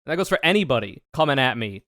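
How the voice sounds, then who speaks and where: A man's voice: mid-range voice, rapid-fire, no room sound, clean studio sound. Sarcastic, profane male streamer. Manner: profane, sarcastic, animated ranting. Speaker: streamer reacting to debate clips. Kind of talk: casual reaction commentary.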